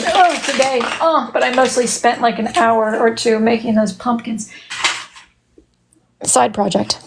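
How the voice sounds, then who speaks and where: A woman's voice: on the high side, a little mellow, slight background noise. A woman hosting a casual live stream, chatting playfully and teasing her viewers as she reacts to their messages. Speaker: live-stream host doing wood burning.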